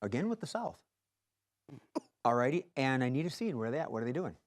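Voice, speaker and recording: A man's voice: mid-range voice, sing-song, fast talker. A man hosting a live improv comedy show, calling for audience suggestions in a playful, jokey way. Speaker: improv game host.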